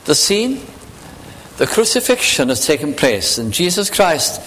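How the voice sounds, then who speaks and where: A man preaching a sermon, shifting between hushed, low passages and raised, urgent ones. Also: sing-song, a little slow, slight background noise. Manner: dramatic swings between hushed and raised delivery. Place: church. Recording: echoey hall with long reverb.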